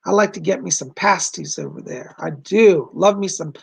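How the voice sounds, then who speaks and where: A man hosting a psychic livestream in a casual, chatty way, earnest and quick to laugh. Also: sits high, vocal fry, breathy edge.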